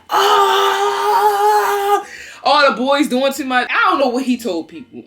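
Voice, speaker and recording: Young woman telling a storytime, super lively swooping voice, cusses a lot. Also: mid-range voice. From Baltimore. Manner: animated, dramatic storytelling with swearing. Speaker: storytime vlogger. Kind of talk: casual storytime.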